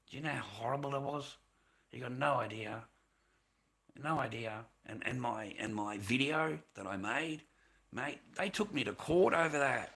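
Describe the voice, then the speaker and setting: A man with a bright, forceful voice rants freely on his livestream. His talk rambles and is full of swearing as he vents at length. The pitch sits in an ordinary middle range for a man. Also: creaky. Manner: rambling, profane, venting frustration. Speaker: livestream host. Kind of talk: unscripted livestream rant.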